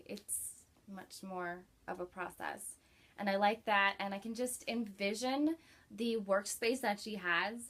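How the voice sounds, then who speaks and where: A woman chatting casually in a book review vlog, warm and enthusiastic, with many likes and ums. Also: medium pitch.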